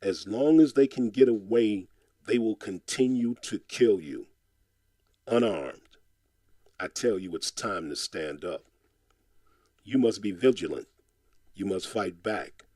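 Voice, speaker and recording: A man's voice: on the low side, lively intonation, slow, long pauses, mellow, breathy edge, no echo. A man reciting a spoken-word poem in a rhythmic, insistent, impassioned way, returning again and again to a refrain. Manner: impassioned, exhorting tone.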